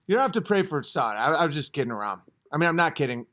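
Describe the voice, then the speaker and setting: A man's voice: fairly high pitch, big pitch swings, rapid-fire. A man in his thirties hosting a casual livestream, rambling and joking as he answers chat comments. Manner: rambling, joking, swings to loud acted outbursts. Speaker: livestream host.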